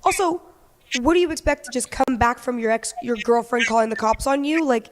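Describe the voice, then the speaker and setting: A woman's voice: fairly high pitch, brisk, big-room sound. A woman chiming in with blunt, incredulous comments in a casual chat. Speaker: friend chiming in.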